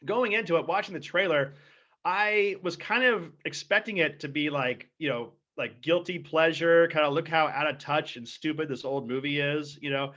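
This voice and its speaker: A man's voice: fairly high pitch, moderate pace, a bit bright. A man co-hosting a podcast in casual chat, rambling with lots of fillers and laughing often. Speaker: podcast co-host. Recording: dull lo-fi podcast audio.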